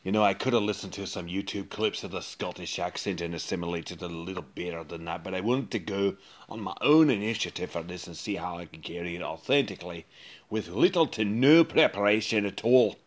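Deep-voiced man chatting out of character. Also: brisk. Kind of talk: casual out-of-character aside.

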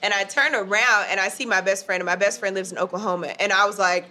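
A woman's voice: mid-range voice, steady tone, quick pace, bright, forceful tone. A woman in casual chat, animatedly telling a story, laughing often and acting out what people said. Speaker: guest telling her proposal story.

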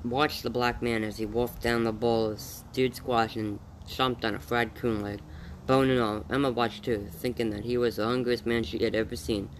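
A man narrates a story in a plain, even reading. His voice sits at an ordinary middle pitch. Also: moderate pace, slight background noise, poor audio. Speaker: audiobook narrator.

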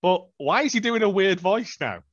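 A man's voice: sits high, animated, moderate pace, fairly bright tone, no echo. A man co-hosting a podcast in casual chat, blunt and swearing casually. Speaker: podcast co-host. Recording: dull lo-fi recording.

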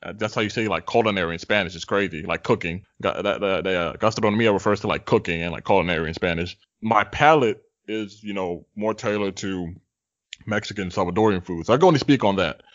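A man co-hosting a podcast, talking in a laid-back, halting way with many restarts. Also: low-pitched, a bit bright, muffled recording. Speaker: podcast co-host. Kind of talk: casual podcast chat.

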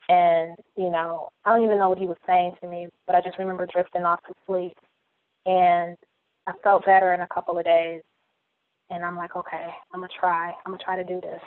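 A woman around forty, a podcast guest, telling her personal story in a candid, heartfelt way and often repeating phrases. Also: on the low side. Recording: dry, tinny phone-like line.

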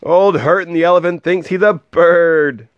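A man voicing a crowd of mocking jungle animals in a storybook read aloud, shouting taunts in a shrill, raised voice on a dry, dull lo-fi recording. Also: moderate pace, no echo, natural voice.

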